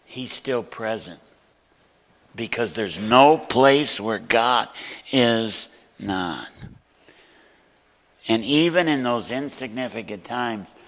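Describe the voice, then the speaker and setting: A man preaching a sermon as a guest pastor in a church, moving between hushed storytelling and loud, emphatic preaching. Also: mid-range voice, expressive, takes it slowly, pauses often, in a large hall. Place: church sanctuary.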